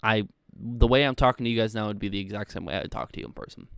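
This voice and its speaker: A man's voice: on the low side, fast talker, vocal fry, fairly bright tone, clean tone, no echo. A young man hosting a casual livestream, rambling loosely and reading chat messages aloud with plenty of filler words. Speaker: livestream host.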